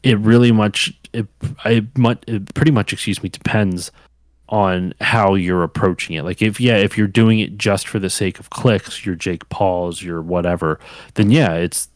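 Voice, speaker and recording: A podcast host chats casually, rambling along with frequent fillers and restarts. His voice sits low, and the recording is dry.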